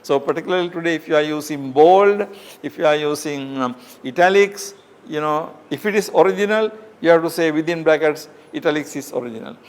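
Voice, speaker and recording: Male professor, slightly raised pitch, patient step-by-step lecturing with frequent fillers. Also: fairly quick. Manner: explains step by step with many fillers and rhetorical questions. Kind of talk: academic lecture.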